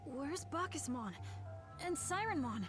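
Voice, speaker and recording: A small, eager dinosaur monster from a video game, high and childlike. The voice sits very high and leaps wildly up and down in pitch, with game music playing clearly behind it. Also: female voice, expressive, measured pace. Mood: dismayed.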